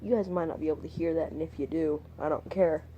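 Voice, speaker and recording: A man's voice: on the high side, steady tone, quick pace, lo-fi sound, slight background noise. Rambling, foul-mouthed young guy vlogging. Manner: crude, profane, with mumbled whispered asides; meandering, drifts off topic. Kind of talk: rambling storytime monologue.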